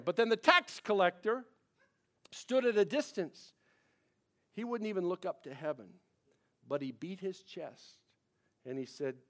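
A man's voice: high-pitched, lively intonation, normal speed, pauses often, fairly bright tone. A man in his forties, a pastor, preaching a sermon in a casual, conversational way, with frequent asides to the congregation.

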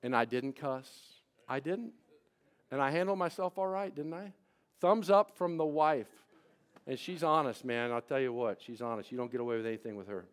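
A man's voice: medium pitch, moderate pace. A man pastor preaching a sermon, shifting between conversational storytelling and emphatic preaching.

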